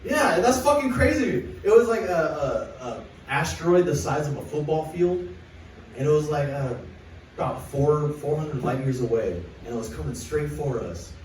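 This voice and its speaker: A man's voice: fairly high pitch, expressive, normal speed, a little mellow, a little hiss or hum. A young man doing a rambling, crude stand-up set at an open mic, reading jokes off a list on a small club stage. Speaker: stand-up comedian. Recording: echoey club recorded from far off.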